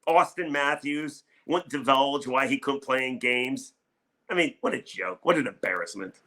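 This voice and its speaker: A man's voice: mid-range voice, expressive, moderate pace, sharp tone. A middle-aged man hosting a solo sports talk show, ranting heatedly about his team between casual chat. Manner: fired-up ranting. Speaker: sports radio host.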